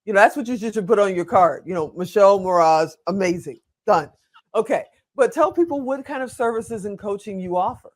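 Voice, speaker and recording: A man's voice: high-pitched, brisk. An older man hosting an interview show, chatty, frank and enthusiastic. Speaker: host.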